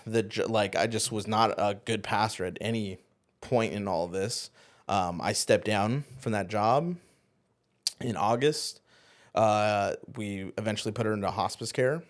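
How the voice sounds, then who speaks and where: Telling a painful story from his own life, this podcast co-host and ex-youth pastor speaks with a lowish voice. He's earnest but halting, frequently letting his words fade away quietly.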